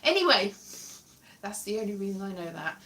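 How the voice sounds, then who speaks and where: A Welsh woman hosting a livestream rambles casually to her viewers, chatty and digressive, correcting herself as she goes and laughing often. Her medium-pitched voice is very animated, brisk, and sharp in tone.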